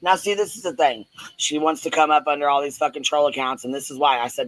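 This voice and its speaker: A man's voice: fairly high pitch, steady tone, fast, a bit bright, no echo, low-quality recording. Blunt, profane male panel host. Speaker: host of a live audio panel. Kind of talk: heated live-stream rant.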